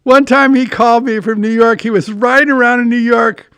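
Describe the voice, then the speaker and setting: On his own podcast, an older man spins rambling anecdotes, restarting often and cursing now and then. His voice sits high, smooth and clear, with a steady, slightly bright tone and a little fast pace. The audio is close and dry, with no echo.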